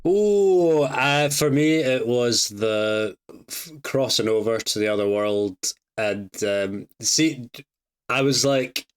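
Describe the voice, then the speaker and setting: A man's voice: mid-range voice, slow, smooth. A man co-hosting a podcast in casual chat, laughing often and chiming in with short agreement. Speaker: podcast co-host. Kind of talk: casual chat reviewing a TV episode.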